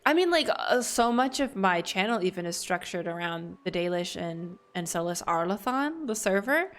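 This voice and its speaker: A woman's voice: on the low side, lively intonation, normal speed. Chatty Southern American woman streamer. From Southern United States. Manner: chatty, rambling, with restarts. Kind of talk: casual live-stream chat.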